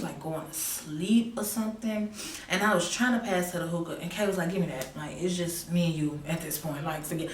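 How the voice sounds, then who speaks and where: A woman telling a story in a casual vlog, animated and sassy, jumping from loud exclaims to hushed asides. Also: on the low side, recorded from a distance. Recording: echoey room, a bit off-mic, faint hum.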